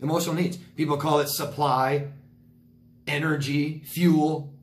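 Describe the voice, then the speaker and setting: A man's voice: on the high side, little pitch movement, measured pace. Blunt, emphatic man coaching in a Q&A. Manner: blunt, emphatic, repeats himself, occasional swearing. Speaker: relationship coach hosting a Q&A. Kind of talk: casual livestream Q&A answering viewer comments.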